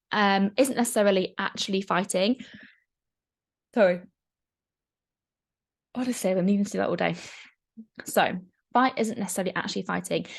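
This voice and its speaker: A young woman coaching in a casual, chatty talk, frank and quick to swear. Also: mid-range voice, vocal fry. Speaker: mindset coach.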